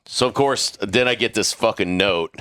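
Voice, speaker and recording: A man telling a crude, animated story in a casual podcast chat. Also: fairly low pitch, normal speed, smooth, no echo. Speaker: podcast crew member.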